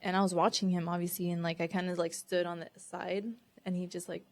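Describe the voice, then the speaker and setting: A woman's voice: on the low side, little pitch movement, fairly quick. A woman co-hosting a podcast, chatting casually, laughing often and hedging with many fillers. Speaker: podcast co-host. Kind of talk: casual chat.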